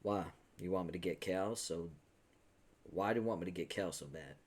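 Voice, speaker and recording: A man voicing a brash, cheerful young adventurer who talks quick and breezy in a comic read-aloud. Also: low-pitched. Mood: easygoing.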